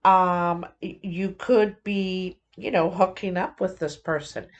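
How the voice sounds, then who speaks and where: A woman giving a casual tarot reading, thinking aloud in a halting, musing way with many fillers. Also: lowish voice, fairly even intonation, muffled recording. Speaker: tarot reader.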